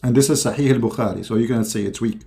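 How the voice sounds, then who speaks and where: A man giving mocking commentary in a halting delivery with many fillers. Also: medium pitch, creaky, dark tone. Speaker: religious debate streamer.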